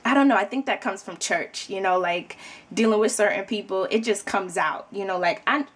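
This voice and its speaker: A woman's voice: mid-range voice, moderate pace, fairly bright tone. A young adult woman from New York with a New York accent, chatting casually to camera in a rambling way full of fillers. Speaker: vlogger.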